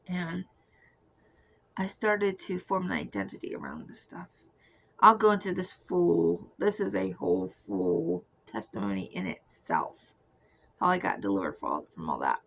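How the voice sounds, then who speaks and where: A young woman giving a soft, confessional personal testimony that often drifts into a whisper. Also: on the low side, gravelly, poor audio. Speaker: Christian testimony speaker.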